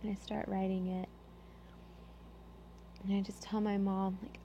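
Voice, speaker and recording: A young woman speaks earnestly and haltingly, pausing and restarting, with a gravelly, dark tone. Her voice stays on a flat, even pitch. The recording is muffled, with a faint hum underneath. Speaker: group member sharing. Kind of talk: personal sharing. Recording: muffled low-fidelity audio with faint hum.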